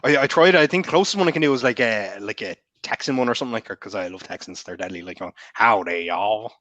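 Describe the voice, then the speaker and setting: Fast-talking Irish man, bright tone. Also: mid-range voice, dry recording, muffled recording. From Ireland. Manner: rapid, rambling, heavy on fillers and swearing. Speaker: guest author. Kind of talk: casual podcast chat.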